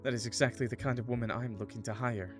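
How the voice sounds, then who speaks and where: A man reading the lines of a poised, mysterious witch woman in a calm, measured way with a weak attempt at a French accent. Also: mid-range voice, faint music behind, natural voice. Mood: cool, composed.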